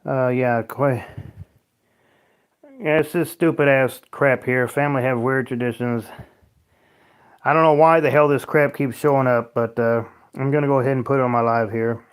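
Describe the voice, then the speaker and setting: A man's voice: mid-range voice, steady tone, moderate pace, long pauses, clean tone. A man hosting a casual livestream at home, reading viewer comments aloud and rambling with lots of swearing and frequent laughter. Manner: profane, rambling, laughs often. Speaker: livestream host.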